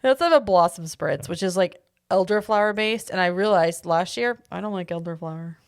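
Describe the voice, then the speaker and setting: A woman co-hosting a podcast, casually going through a list of food items, easygoing and quick to laugh. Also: lowish voice, smooth, dry recording, clean studio sound. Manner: easygoing, laughs often, reads from notes. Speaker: podcast co-host. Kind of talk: casual chat, reading out menu items.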